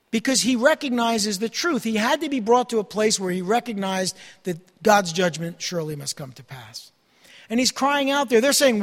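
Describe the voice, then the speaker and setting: High-voiced man preaching in a reverberant hall. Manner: earnest Bible teaching, reading scripture aloud with rising intensity. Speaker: pastor. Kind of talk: sermon.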